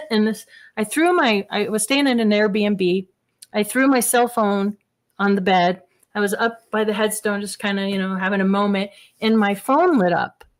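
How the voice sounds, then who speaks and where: Woman guest, mid-pitched, lively storyteller who laughs easily. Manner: animated storyteller, laughs often. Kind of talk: casual interview talk.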